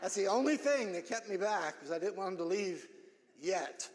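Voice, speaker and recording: High-voiced pastor preaching in a reverberant church. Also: male voice, expressive, moderate pace, background noise. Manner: earnest, repeats phrases, builds to shouted emphasis. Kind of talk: sermon. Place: church sanctuary.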